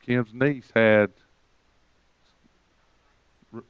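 Guy preaching, telling a story, voice goes up when he quotes people, smooth clear voice, dry dull-sounding recording. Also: fairly even intonation, very slow, no echo. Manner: retells conversations, quoting others with rising pitch. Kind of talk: sermon storytelling.

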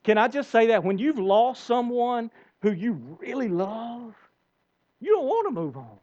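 A man's voice: very high voice, very animated, measured pace, a little mellow, dull audio. A man preaching a sermon as pastor, emphatic, with rising bursts and repeated words.

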